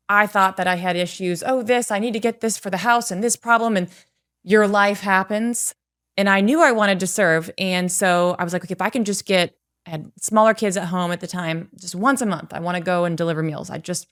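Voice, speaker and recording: A middle-aged woman with a lowish, clear, resonant voice is a guest on a podcast, where she works as a confidence coach. She tells personal stories with earnest, animated energy, acting out the voices of the people she quotes.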